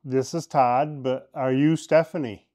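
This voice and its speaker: A man's voice: mid-range voice, steady tone, a little slow, mellow. A man appearing as a guest on the show, speaking hesitantly with frequent stammers.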